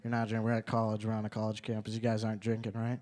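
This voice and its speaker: A man's voice: fairly low pitch, completely flat delivery, racing, a little mellow. A young man performing a stand-up comedy set in a small live venue, chatting with the crowd and repeating his punchlines. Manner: conversational, asks the crowd questions, repeats punchlines.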